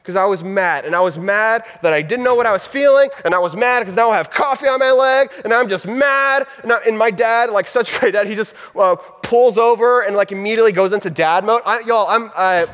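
A man's voice: sits high, brisk, hardly any pauses, a bit bright, smooth. A man in his thirties, a pastor telling a personal story in a sermon, casual and heartfelt with laughing asides. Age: 30s. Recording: long reverb of a hall.

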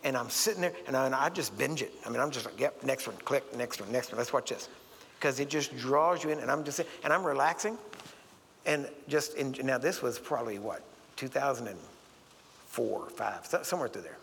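A man's voice: mid-range voice, creaky, a bit bright, a little hiss or hum. A man preaching a sermon in a church, telling folksy stories and acting out the voices of the people in them. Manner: folksy storytelling, acts out voices. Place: church sanctuary. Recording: long hall reverb.

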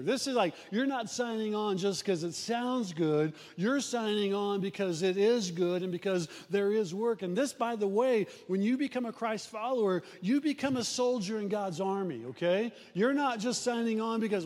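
A man's voice: sits high, normal speed, hardly any pauses, a little mellow. A man preaching a folksy, storytelling sermon as a pastor, with frequent restarts. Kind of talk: conversational sermon. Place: church sanctuary. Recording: long hall reverb in a church.

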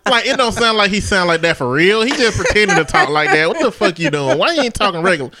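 A man's voice: high voice, animated, quick pace, a crowd in the background. A man co-hosting a casual podcast, telling stories in a loose, joking way. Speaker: podcast co-host. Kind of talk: casual chat.

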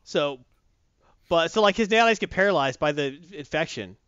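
A man's voice: fairly high pitch, lively intonation, moderate pace, a bit bright, smooth, no room sound. A man hosting a comics podcast, rambling and chatty with lots of fillers, recorded dull and lo-fi. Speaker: comic book podcast host. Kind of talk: casual chat.

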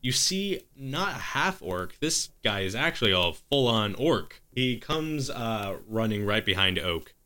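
A man's voice: on the low side, very animated, a little slow, few pauses, bright, forceful tone, clear, resonant tone. A man narrating as game master of a tabletop game, improvising the action and stopping to correct himself.

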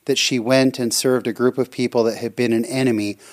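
A man's voice: mid-range voice, fairly even intonation, fairly quick. Effusive man reading listener comments. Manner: warm, effusive, reads comments aloud. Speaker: podcast co-host.

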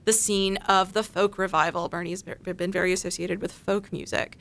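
Woman, panel guest, measured and analytical, bright tone. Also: mid-range voice, level tone. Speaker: panel guest discussing her essay. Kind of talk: academic panel discussion.

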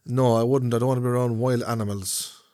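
An Irish-accented man in his fifties talks in a warm, earnest, chatty way on a casual podcast. He speaks sincerely and holds his side of the banter as co-host. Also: medium pitch, fairly even intonation, fast talker. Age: 50s.

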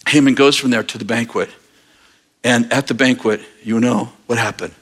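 A man preaching a sermon, retelling a scripture story in lively, casual storytelling. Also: medium pitch, normal speed. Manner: animated storyteller, acting out characters. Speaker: pastor.

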